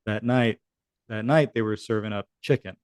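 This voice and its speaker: A podcast guest in his thirties, a former serviceman, tells a war story at a moderate pace in a smooth, lowish voice. He keeps it casual and profane and acts out what others said, in a dry, studio-quality recording.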